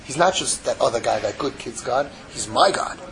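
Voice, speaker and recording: A man giving an impassioned Torah sermon, mixing Hebrew terms into English and swinging from loud pleading to hushed, intimate tones. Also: mid-range voice, normal speed, vocal fry, very noisy. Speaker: rabbi giving a Torah class.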